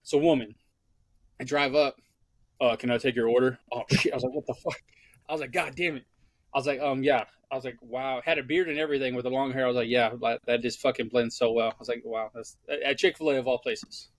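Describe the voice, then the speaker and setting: A man's voice: mid-range voice, steady tone, fast, no room sound. A young man co-hosting a podcast, talking in brash, profane, teasing banter. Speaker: podcast co-host.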